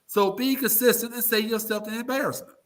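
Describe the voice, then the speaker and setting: A man's voice: very high voice, steady tone, a little fast. A man giving blunt, emphatic opinions as a political guest, often swearing and acting out the voices of the people he quotes. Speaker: political guest, talk radio personality. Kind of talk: opinionated interview talk.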